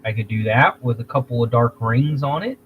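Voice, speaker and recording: A man hosting a casual livestream, talking in a rambling, halting way, restarting phrases and clearing his throat. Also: medium pitch, narrow, tinny audio, slight background noise. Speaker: livestream host.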